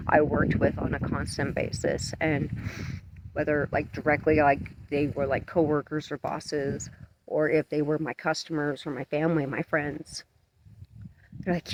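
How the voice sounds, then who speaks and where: A man talking earnestly to his camera outdoors at dusk, his voice shaky from cold and emotion, halting and self-conscious. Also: a little high, a little hiss or hum, poor audio. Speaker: vlogger. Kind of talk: emotional outdoor vlog monologue. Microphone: camera mic up close.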